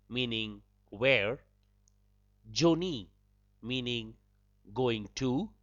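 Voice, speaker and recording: Slow, lively-toned male language teacher. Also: medium pitch, dry recording. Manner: patient, repeats phrases slowly and breaks them into words. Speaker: podcast host teaching a language. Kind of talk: slow spoken language lesson. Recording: dull lo-fi dry recording.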